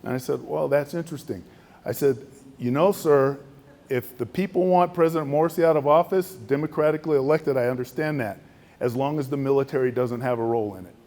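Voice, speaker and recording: A middle-aged man, an Air Force general, telling a story in a luncheon speech and acting out the other voices. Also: fairly quick. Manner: animated storytelling, acts out other voices with raised pitch.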